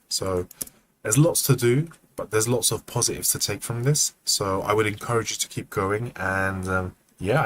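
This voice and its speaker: Low-voiced, chatty animation mentor man. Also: a little hiss or hum. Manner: relaxed and chatty, thinks aloud with many ums, acts out poses. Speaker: animation mentor reviewing student work. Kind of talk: casual livestream feedback.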